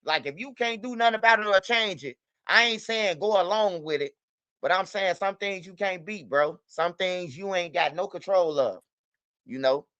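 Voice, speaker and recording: Male stream host, high and bright, profane and repetitive; dry, slightly muffled mic. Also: normal speed, clean tone, no echo. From United States. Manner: loose, profane, repetitive street talk. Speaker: livestream host. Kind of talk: casual livestream talk.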